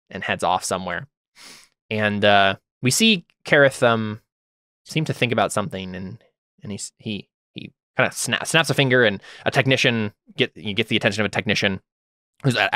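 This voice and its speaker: Rambling young game master, dry mic. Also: male voice, lowish voice, normal speed, bright, forceful tone, no room sound. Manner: rambling, filler-heavy, self-correcting. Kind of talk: narrating a tabletop game.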